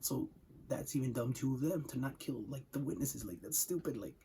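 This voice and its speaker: A man's voice: medium pitch, a little fast, dark tone, slight background noise, low-quality recording. A young man ranting about a video game in casual, heated talk, swearing a lot and filling with "like" and repeated words. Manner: heated, profane, repeats words and says "like" often.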